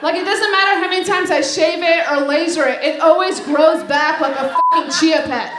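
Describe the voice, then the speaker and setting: A woman doing a stand-up set on a club stage, brash and profane, checking in with the crowd after each joke, into a handheld mic. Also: very high-pitched. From Lebanese family. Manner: brash, profane, quick asides with "right?". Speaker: stand-up comedian. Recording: echoey club, crowd noise.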